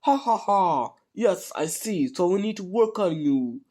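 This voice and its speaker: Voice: mid-range voice, animated, unhurried, warm tone, voice pushed up. A speaker with a cold voicing a cheerful, theatrical adult male hero mentor in a casual fan story. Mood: hearty. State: sick with a cold.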